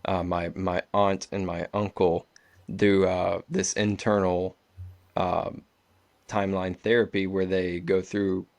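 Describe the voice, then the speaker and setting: A man's voice: sits low, level tone, slow pace, vocal fry, dry recording. A man hosting a podcast, talking casually and hesitantly with many fillers. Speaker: podcast host. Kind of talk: casual conversation.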